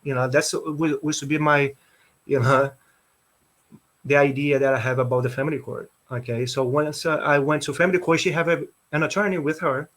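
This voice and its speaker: A man's voice: a little high, steady tone, moderate pace, fairly bright tone. Earnest man telling his story. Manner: earnest, repeats "okay" and restarts often. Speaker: guest. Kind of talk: personal story in an interview.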